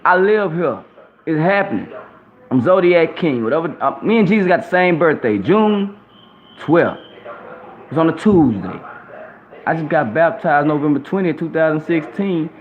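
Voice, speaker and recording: Guy preaching bible verses, cussing, kinda high voice, goes from mumbly low to loud, tinny phone-ish audio w/ faint hum. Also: animated, moderate pace. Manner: profane, swings between low murmurs and loud outbursts. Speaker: self-styled preacher. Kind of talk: reading and preaching scripture to camera.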